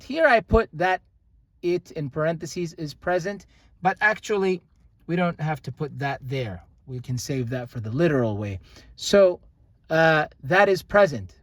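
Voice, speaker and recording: A man with a fairly high voice teaches a grammar lesson, patiently walking through each example. He repeats key words slowly and explains them step by step. The sound is dry and close, with no room around it. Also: no room sound. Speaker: language teacher.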